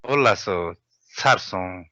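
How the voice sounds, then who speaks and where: Guy teaching vocab really slow, repeats every word twice, bright voice, dull sound. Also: low voice, no echo. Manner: patient, repeats each word slowly. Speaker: language teacher.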